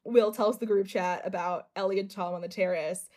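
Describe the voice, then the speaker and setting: A giggly woman co-host in casual chat, recapping a reality show. She laughs often and slips into playful voices when she quotes people. Her pitch sits in the middle for a woman. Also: steady tone, a little fast, a little mellow. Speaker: podcast co-host.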